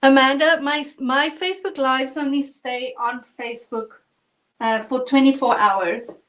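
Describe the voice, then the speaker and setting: A woman's voice: sits high, measured pace, fairly bright tone, rough recording. A woman from South Africa with a South African accent, chatting through a live acrylic painting tutorial step by step. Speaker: painting instructor.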